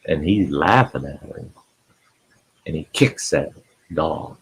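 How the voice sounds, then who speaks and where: A man with a deep, low voice that is gravelly and very husky tells a rambling, folksy story on his live stream. He talks slowly and stops now and then to greet people in the chat. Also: poor audio.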